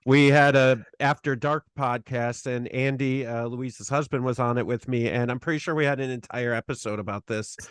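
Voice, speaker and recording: A man's voice: mid-range voice, steady tone, normal speed, hardly any pauses, clean tone, no room sound. A man chatting casually as a tabletop game player, easygoing and laughing. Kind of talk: casual chat.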